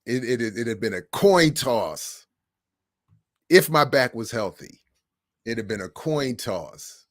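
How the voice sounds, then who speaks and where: A middle-aged man hosting a livestream, telling stories in a casual monologue with animated swings between hushed and loud. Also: medium pitch, takes it slowly, no echo, clean studio sound. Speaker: livestream host.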